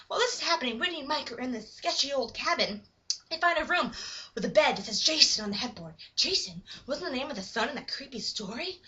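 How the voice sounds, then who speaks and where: A woman's voice: high-pitched, sing-song, fairly quick, bright, forceful tone. A young woman casually retelling a horror movie, acting out the sound effects and bits of dialogue. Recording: muffled lo-fi recording.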